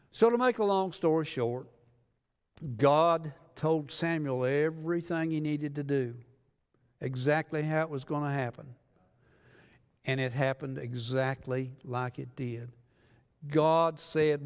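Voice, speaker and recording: A man delivers a sermon in a church, with a long reverb ringing after his words. His voice sits somewhat high for a man. He reads scripture and then retells it in plain, folksy terms, slipping into the voices of the people in the story. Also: unhurried. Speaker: pastor. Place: church sanctuary.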